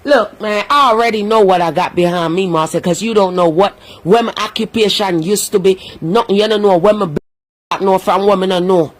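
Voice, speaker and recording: A woman's voice: mid-range voice, brisk. An angry woman ranting on a livestream, cursing and scolding, sometimes breaking into prayer. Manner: heated, cursing, scolding, prays aloud. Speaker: social media commentator.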